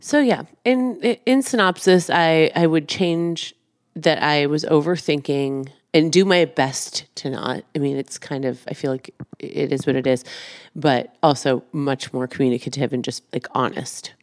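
A woman's voice: deep voice, a little slow, dry recording, studio quality. A woman co-hosting a podcast, chatting casually with her partner, laughing often and poking fun at herself. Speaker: podcast co-host.

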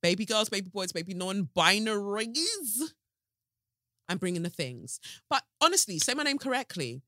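A woman's voice: mid-range voice, very animated, normal speed, sharp tone, dry recording, studio quality. A woman hosting a podcast from her sofa, talking in an emphatic, sassy monologue. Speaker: podcast host. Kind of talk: casual commentary monologue. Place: home sofa.

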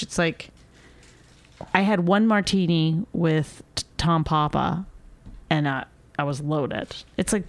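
A middle-aged woman co-hosting a podcast, chatting and teasing in a halting, casual way with many restarts. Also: lowish voice, no echo. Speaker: podcast co-host. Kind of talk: casual banter.

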